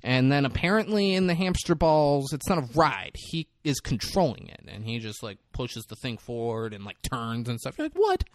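A man's voice: mid-range voice, normal speed, few pauses, no room sound. Profane man recapping a movie. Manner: animated storytelling, acts out characters' lines, swears a lot. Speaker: podcast co-host recapping a film. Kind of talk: casual profane chat.

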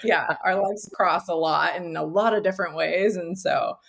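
A woman with a low, gravelly voice speaks earnestly in a casual interview, using lots of "like" fillers. She is a guest entrepreneur. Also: moderate pace, a bit bright.

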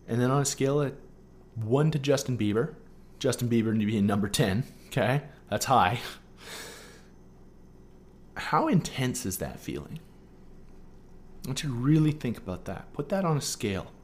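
A man's voice: medium pitch, animated, normal speed, long pauses, slight background noise. A man hosting a solo podcast, coaching listeners through a writing exercise with frequent "okay?" check-ins and playful asides. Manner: playful asides mixed with earnest teaching. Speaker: podcast host.

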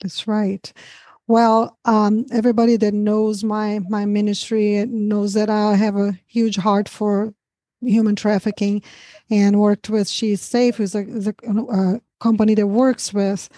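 A middle-aged woman from Brazil with a Brazilian accent softened by a US southern twang, hosting an interview with enthusiasm and frequent laughter. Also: mid-range voice, little pitch movement, measured pace, dry recording. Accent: Brazilian Portuguese with a US southern twang. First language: Portuguese. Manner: enthusiastic, laughs often, restarts words. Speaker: podcast host.

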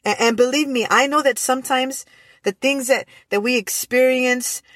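A woman's voice: high voice, moderate pace, fairly bright tone, dry recording. A woman hosting a faith-based motivational podcast, speaking earnestly with frequent restarts and repeated phrases. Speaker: podcast host.

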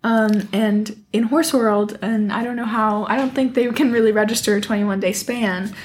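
A woman's voice: a little high, steady tone, normal speed, darkish tone, a little hiss or hum. A young woman co-hosting a horse podcast, chatting and thinking aloud. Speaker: podcast co-host. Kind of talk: casual podcast chat.

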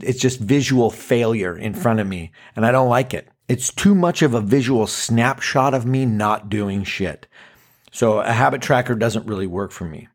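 A man in his forties hosting a casual monologue podcast, animated and self-mocking, acting out quotes with dramatic swings. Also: mid-range voice. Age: 40s. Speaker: podcast host.

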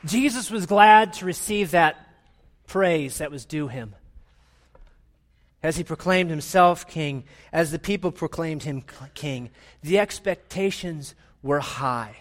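A male pastor delivering a lively sermon from the front of a church. His voice sits a little high for a man, and he keeps it playful and animated, calling on people in the pews to join in. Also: slow pace, some chatter behind. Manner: animated, playful, with audience participation.

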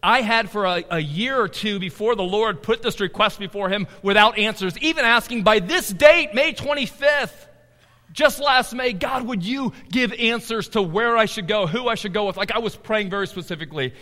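High, bright-voiced preacher in a hall. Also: male voice, normal speed. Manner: animated, swings from loud emphasis to low asides. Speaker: pastor. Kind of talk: sermon.

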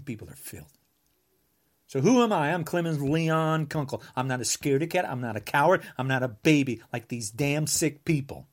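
A man from the United States, a podcaster, delivering an angry political rant, combative and repeating insults, sometimes bursting into shouts. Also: on the high side, expressive, a little fast, few pauses.

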